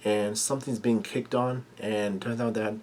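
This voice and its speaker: A man recaps a comic chapter in a low, even voice that barely rises or falls. He stumbles through plenty of fillers and restarts and swears bluntly when surprised. A faint hum of background noise sits under him. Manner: halting, many fillers and restarts. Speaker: manga chapter reviewer.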